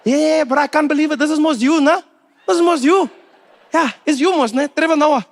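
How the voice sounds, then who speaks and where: A brash young South African fan, put on by a male comedian on stage, talking loud and high. He is insistent and bossy, full of slang, and certain he is right. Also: a little fast. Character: brash excitable young Cape Town fan.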